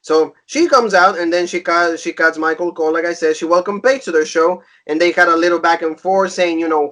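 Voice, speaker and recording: A man's voice: on the high side, a little fast, few pauses, fairly bright tone. A man recapping a wrestling show in a casual podcast chat, mimicking the lines people said.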